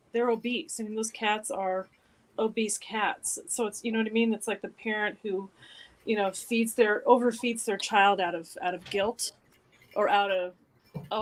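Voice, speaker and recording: A woman speaks on a casual commentary panel in a middle-pitched voice. She asks curious questions and thinks out loud, drawing comparisons. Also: rough recording. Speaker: panel guest.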